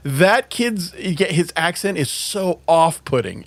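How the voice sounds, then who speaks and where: A man hosting a casual podcast, talking slowly but with a lively, swooping voice. He laughs a lot and swears freely. The sound is dry and close. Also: fairly high pitch, no room sound. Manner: animated, laughing, swearing, apologetic asides. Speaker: podcast host.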